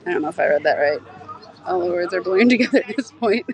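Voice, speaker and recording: A woman livestreams while walking a city street at night, phone held close to her face, chatting casually with viewers. Her fairly low, expressive voice races along, and she rambles and laughs easily on a low-quality recording.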